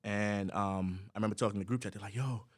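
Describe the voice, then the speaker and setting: A man's voice: on the low side, very fast, dry recording. A young man from Brooklyn, co-hosting a casual chat and telling a story with lots of laughter and acted-out quotes. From Brooklyn, New York. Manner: animated storyteller, laughs often, acts out quotes. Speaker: podcast co-host.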